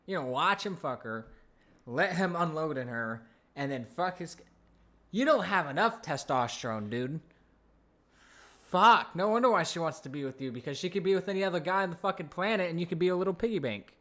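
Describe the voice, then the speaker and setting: A man's voice: a little high, lively intonation, fairly quick, a bit bright. A man giving mocking reaction commentary on a clip, sarcastic and incredulous.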